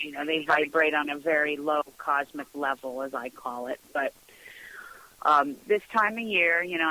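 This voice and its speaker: A middle-aged woman hosts a radio talk show in a relaxed, gossipy way. Her voice is bright and forceful, and she often breaks into laughter while acting out the people in her stories. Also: deep voice, rough recording. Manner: chatty, laughs often, acts out quoted dialogue. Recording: radio broadcast sound.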